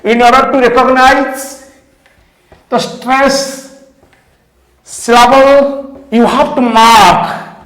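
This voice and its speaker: A man with an Indian English accent gives a grammar lesson in a high voice, drawing out every word very slowly. He repeats examples and spells letters one by one. The room around him rings with echo. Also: fairly bright tone. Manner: slow, deliberate, repeats words and spells letters out. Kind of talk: slow classroom grammar lesson. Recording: echoey room.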